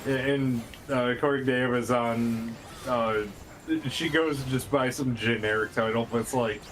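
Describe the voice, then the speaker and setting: A man chatting with friends during an online game, speaking in a halting way with many restarts. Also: medium pitch, fairly even intonation, fairly bright tone, a little hiss or hum, rough recording. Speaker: fellow player. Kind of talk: casual gaming chat. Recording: faint game music behind.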